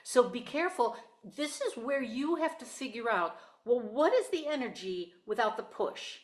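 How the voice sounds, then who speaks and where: Female voice teacher, higher voice, roomy. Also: expressive, moderate pace. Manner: encouraging, explains then demonstrates sung exercises. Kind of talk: one-on-one singing lesson. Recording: echoey room with piano.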